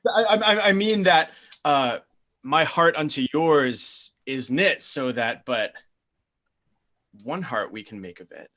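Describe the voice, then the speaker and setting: Man as lovesick young nobleman, bright tone, slow, impassioned, Shakespeare verse. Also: a little high, expressive, heavily acted. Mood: ardent. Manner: impassioned, swings between soft and loud. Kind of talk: Shakespeare stage reading over video call.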